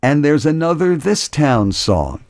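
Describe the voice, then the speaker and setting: Man, radio DJ, unhurried, gravelly, rambling, offhand, dry close mic. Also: on the high side, very animated, a little mellow, dry recording. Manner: rambling, chuckling, offhand asides. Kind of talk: casual on-air chat between songs. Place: radio studio. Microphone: close studio mic.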